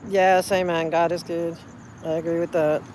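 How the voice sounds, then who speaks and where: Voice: medium pitch, level tone, moderate pace, a little mellow, a little hiss or hum. A livestreamer chatting casually with viewers, effusive and rambling, with many restarts, recorded on a phone outdoors at night. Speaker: livestreamer reading viewer chat. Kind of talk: casual live-stream chat.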